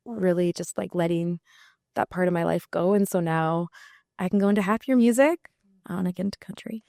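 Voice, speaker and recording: Woman guest, low gravelly voice, reflective and candid, dry close sound. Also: fairly even intonation, normal speed, darkish tone, no room sound. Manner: candid, reflective, many fillers. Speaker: musician guest. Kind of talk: casual interview talk.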